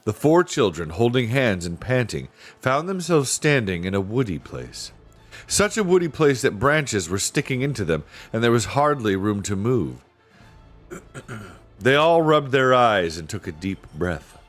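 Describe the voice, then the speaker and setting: A man reading a children's novel aloud in a relaxed, unhurried way, clearing his throat now and then. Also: mid-range voice, soft background music. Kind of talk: casual read-aloud storytelling.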